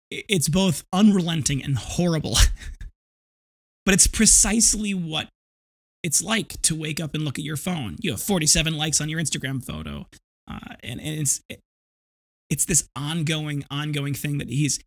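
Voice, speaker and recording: A man's voice: a little high, gravelly. A man in his thirties hosting a casual solo podcast, talking in a rambling, reflective way full of restarts. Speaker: podcast host.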